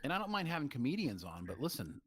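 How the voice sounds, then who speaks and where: Male podcast co-host, casual joking banter, mid pitch with wide swings. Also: wildly swooping pitch, husky. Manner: joking banter, quick laughs. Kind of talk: casual livestream chat.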